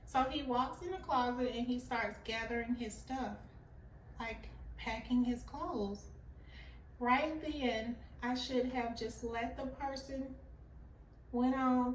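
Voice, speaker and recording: A woman's voice: on the high side, fairly even intonation, slow, distant mic, a little hiss or hum. A woman telling a personal story in a casual, earnest and confessional way, acting out the dialogue as she goes. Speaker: vlogger sharing a personal story. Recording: roomy, off-mic recording with faint ambience.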